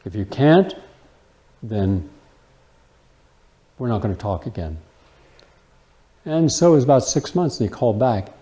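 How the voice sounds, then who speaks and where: A man lecturing to a live audience in a mellow, warm-toned voice. His pitch moves in lively swings as he fires off rhetorical questions and tells personal stories, with an emphatic, persuasive delivery. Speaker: host and health lecturer.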